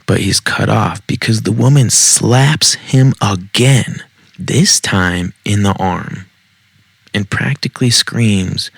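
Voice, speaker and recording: A man's voice: lowish voice, slow pace, vocal fry, fairly bright tone, husky, dry recording. A man hosting a casual storytime podcast, reading Reddit posts with wry, profane asides. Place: home basement.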